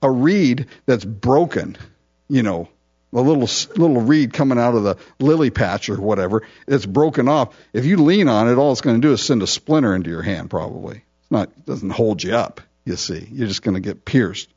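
A man's voice: mid-range voice, lively intonation, moderate pace, a little mellow, slightly rough. A male pastor teaching a sermon, reading verses and explaining them in a casual, conversational way. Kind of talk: expository sermon. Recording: dull lo-fi recording.

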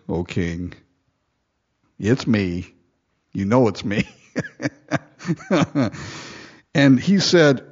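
A man preaching verse by verse, reading old-style scripture aloud, acting out the lines and chuckling often. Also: mid-range voice. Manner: lively storytelling, reading King James verses and acting them out. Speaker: pastor. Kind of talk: verse-by-verse sermon. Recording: dull lo-fi recording.

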